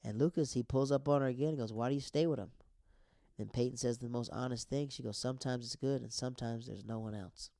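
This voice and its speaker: A young man talks through a TV episode in a loose, excitable way. He breaks in with quick asides and playful sound effects. His voice sits at an ordinary middle pitch, heard close and dry with no room sound. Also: vocal fry, no echo. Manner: excitable, retells scenes with quoted lines and vocal sound effects. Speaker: TV recap show host. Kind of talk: casual episode recap.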